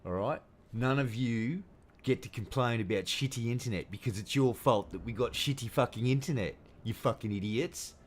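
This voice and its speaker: A man's voice: medium pitch, normal speed, slight background noise. A man with an Australian accent giving casual, profane, ranting commentary while streaming a game.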